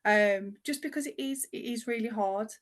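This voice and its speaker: Laughing woman, podcast guest. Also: on the high side. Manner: agreeable, laughs often, quick interjections. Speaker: podcast guest, small egg seller. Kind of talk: casual chat.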